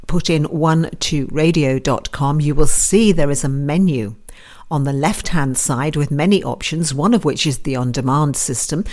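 A woman's voice: deep voice, darkish tone. A woman hosting a live online radio show, chatting in a rambling, self-deprecating way as she greets listeners. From United Kingdom. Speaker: radio host and psychic advisor. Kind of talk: casual live radio chat.

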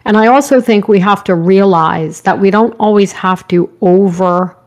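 A woman hosting a live-streamed spiritual talk, her voice slightly hoarse, rambling gently and greeting viewers by name. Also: medium pitch, moderate pace. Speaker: spiritual show host.

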